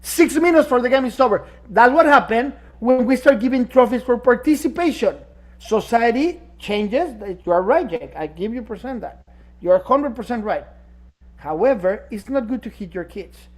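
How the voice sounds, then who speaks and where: A man's voice: very high voice, animated, normal speed. A man co-hosting a casual podcast discussion, talking emphatically and rhetorically, sometimes searching for words. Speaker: podcast co-host. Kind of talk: casual chat.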